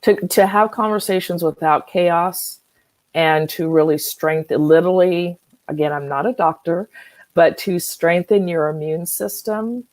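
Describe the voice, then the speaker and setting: A calm, measured woman leads a live online wellness session, with a low voice that sits well below most women's. She is recorded dry and close, with no room sound around her, and gently acts out sample phrases as she coaches. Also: dry recording, rough recording. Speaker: wellness workshop host. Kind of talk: live online workshop talk.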